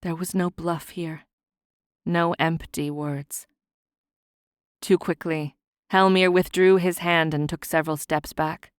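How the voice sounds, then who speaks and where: A woman narrating a fantasy audiobook in a measured, soft-spoken reading on a close studio mic. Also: fairly low pitch, fairly even intonation, smooth, dry recording.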